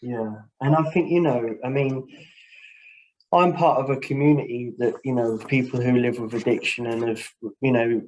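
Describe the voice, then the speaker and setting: An earnest man speaks over a video call in a mid-pitched voice, telling a personal story in a webinar. His delivery is heartfelt and open, and he leans on "you know" as he goes. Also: fairly even intonation, moderate pace, darkish tone, poor audio. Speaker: social worker, webinar guest.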